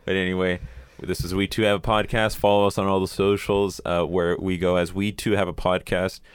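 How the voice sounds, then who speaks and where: A man's voice: low voice, flat delivery, fairly quick, clean tone. A man co-hosting a podcast, laid-back and casually swearing as he wraps up the episode. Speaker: podcast co-host. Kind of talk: casual chat.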